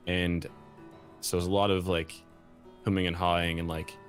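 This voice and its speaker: Man, very deep voice, casual rambling explanation, lots of fillers, faint music underneath. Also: level tone, moderate pace. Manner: rambling, many fillers and restarts. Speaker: game language designer explaining a cipher. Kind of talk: casual chat.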